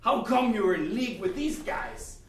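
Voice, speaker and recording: A man improvising an excitable male gnome detective who exclaims and blusters. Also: high-pitched, normal speed. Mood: bold. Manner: jumpy, exclaiming. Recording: echoey stage, distant mic, faint noise.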